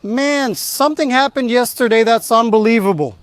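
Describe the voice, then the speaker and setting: Excitable high-voiced man from Brazil. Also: normal speed, clean tone, dry recording, clean studio sound. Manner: enthusiastic, chatty, says man and you know often. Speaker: car vlogger. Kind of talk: casual car vlog.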